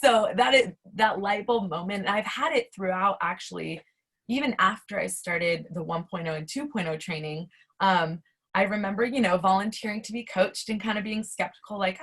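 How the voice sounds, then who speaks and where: Guest, young woman, husky tone, casual and animated, over a video call. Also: medium pitch, normal speed. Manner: animated, many fillers and restarts. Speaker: interview guest, academic life coach. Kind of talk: casual conversational interview.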